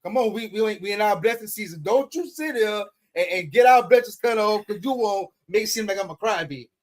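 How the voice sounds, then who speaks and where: A man in his forties with a notably high-pitched voice. He co-hosts a casual chat, speaking in an animated, playfully protesting way. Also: a little fast. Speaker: co-host.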